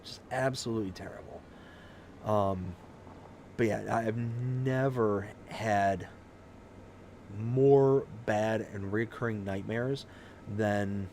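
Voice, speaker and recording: A man's voice: on the low side, takes it slowly, creaky, pauses often, darkish tone, slight background noise. A man hosting a live stream of a farming game, chatting casually with viewers and telling a long personal story in a rambling way with many restarts. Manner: reads out and thanks viewers' chat messages.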